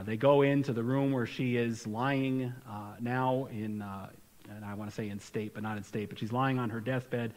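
Conversational man preaching in a reverberant hall. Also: mid-range voice. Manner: conversational preaching with rhetorical questions and restarts. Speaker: pastor. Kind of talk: sermon. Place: church sanctuary.

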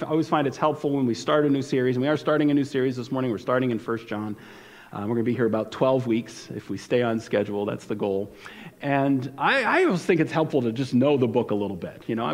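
A pastor giving a conversational sermon with frequent fillers and restarts. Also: male voice, mid-range voice. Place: church sanctuary. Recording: long church hall reverb.

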